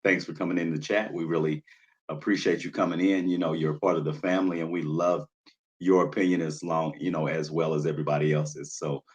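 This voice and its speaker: A livestream host with a bass voice talks a little fast, with little movement in his pitch. He seems nervous and jittery, keeping the chat loose and filler-heavy while saying hello to viewers by name.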